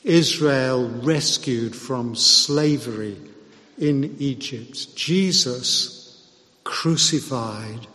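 A man preaching a sermon in an earnest, measured way, with occasional restarts. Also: medium pitch, bright, forceful tone. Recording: long hall reverb.

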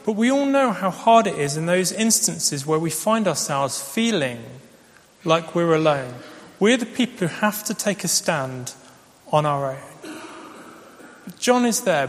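High-voiced male preacher. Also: fairly bright tone. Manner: storytelling, conversational with fillers. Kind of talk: sermon. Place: church. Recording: long reverb of a large church.

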